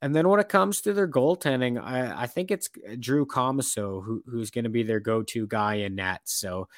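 A man's voice: medium pitch, moderate pace, no echo. Dry-voiced man in casual hockey talk. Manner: rambling, many fillers and restarts. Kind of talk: casual sports chat.

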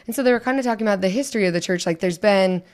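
A woman co-hosting a podcast in casual chat, talking quietly while losing her voice. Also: mid-range voice, very fast. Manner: quiet, conversational, filler-heavy. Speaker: podcast co-host.

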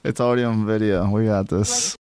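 A man co-hosting a podcast in casual chat, animated and swearing, mimicking people he talks about. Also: fairly low pitch, fairly quick, clean tone, no room sound. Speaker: podcast co-host.

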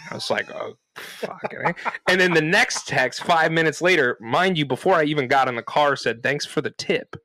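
A man's voice: a little high, a little fast, few pauses. A man co-hosting a podcast, animatedly telling a story to friends in person, swearing freely and acting out what people said. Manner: animated, swearing, acts out quoted lines. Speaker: podcast co-host. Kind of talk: casual storytelling among friends. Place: room recorded in person with friends.

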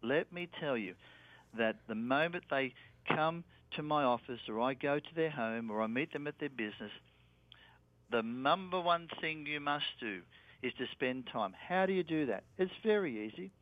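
An Australian man, a sales trainer, calmly walking through a sales method as a guest. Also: mid-range voice, normal speed. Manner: steady, instructive, with fillers. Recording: dry, tinny phone line.

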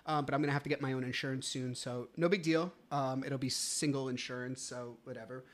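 A man in the middle of his voice range talks alone into a podcast mic, overwhelmed with relief. His delivery is raw and heartfelt, cursing freely and sinking at times to a hushed near-whisper. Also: medium pitch, fairly even intonation, a little fast. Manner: emotional, grateful, swears often, drops to a near whisper. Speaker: podcast host. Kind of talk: solo podcast monologue.

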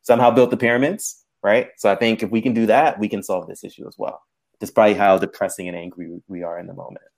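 A man's voice: lowish voice, fairly even intonation, quick pace, vocal fry, darkish tone. A man running for local office, talking earnestly and hopefully as a stream guest, dropping "right" and "like". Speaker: political candidate guest. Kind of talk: casual interview talk.

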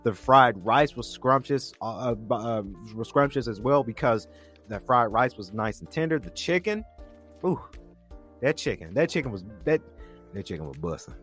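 Man, podcast co-host, casual review chat, animated pitch, enthusiastic, repeats himself, faint music behind. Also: normal speed. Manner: enthusiastic, repeats words while reaching for them.

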